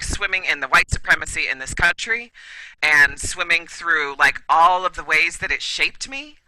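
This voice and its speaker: A school administrator appears as a guest expert on a casual podcast, speaking emphatically in a low, pushed, bright voice and repeatedly asking "right?" for agreement. The recording is rough, with slight background noise.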